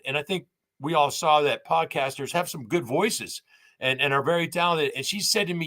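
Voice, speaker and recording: Sixties male guest, choked up and halting, bright edge to the voice. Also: a little high. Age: 60s. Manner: halting, repeats words, heartfelt. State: teary. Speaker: guest on a live show. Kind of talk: emotional casual tribute.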